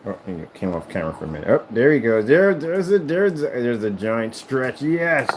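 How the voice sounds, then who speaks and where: A man's voice: mid-range voice, sing-song, moderate pace, a little hiss or hum, rough recording. A man chatting casually to camera in an emphatic, rambling way, often repeating himself. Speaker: vlogger.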